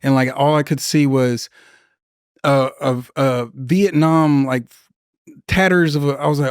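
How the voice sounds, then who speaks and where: A man's voice: mid-range voice, moderate pace, smooth, no echo. Young vet guy, cussing a lot, rambling war stories on a podcast, dead dry room. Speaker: podcast guest, military veteran. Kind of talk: casual storytelling interview.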